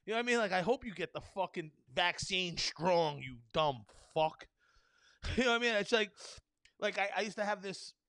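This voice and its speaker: A man's voice: high-pitched, expressive, moderate pace, sharp tone, no echo. A man in his thirties from the New York area, hosting a solo podcast and ranting in a rambling, profane way with lots of fillers; he says he is a little tired. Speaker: podcast host.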